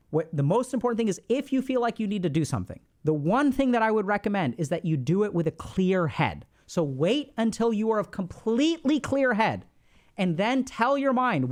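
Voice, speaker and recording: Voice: medium pitch, sing-song, fairly quick. A therapist giving casual, blunt advice, who swears and acts out sample conversations. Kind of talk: casual advice talk to camera.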